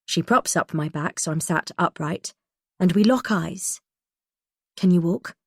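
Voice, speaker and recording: A woman reading a first-person thriller audiobook in a tense, measured way. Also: on the low side, slightly rough, no echo, studio quality. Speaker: audiobook narrator.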